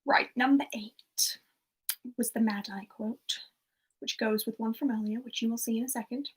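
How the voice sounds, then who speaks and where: A woman's voice: fairly high pitch, fairly even intonation, normal speed, slightly rough. A woman hosting a livestreamed pub quiz in casual chat, giggling and reading out viewers' answers. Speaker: quiz host.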